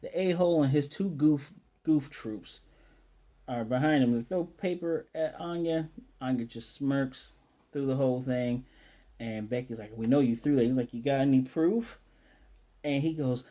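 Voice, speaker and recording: A man casually recapping an anime episode, animated and playfully acting out the characters' lines. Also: on the high side. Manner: animated, acts out characters' lines in quick voices. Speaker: anime reviewer.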